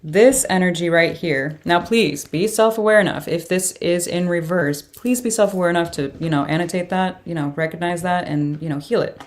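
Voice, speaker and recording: Low-voiced woman reading tarot. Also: moderate pace, few pauses. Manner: reacts aloud to cards with surprised exclamations and laughs. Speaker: tarot reader.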